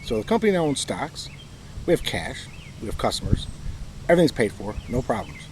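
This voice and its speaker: A man's voice: medium pitch, sing-song, brisk, rough recording. Michigan man, bitter personal monologue, emphatic, faint outdoor noise. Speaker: vlogger telling his own story.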